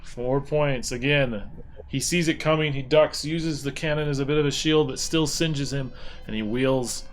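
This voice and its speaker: A man's voice: mid-range voice, moderate pace, slight background noise. Easygoing man running a tabletop game. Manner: relaxed narration with many "um"s. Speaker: game master.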